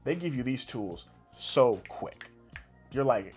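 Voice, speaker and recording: On a casual gaming podcast with gentle background music, the young co-host talks at a moderate pace in a mid-range voice. He spins stories with energy, swearing freely and laughing big.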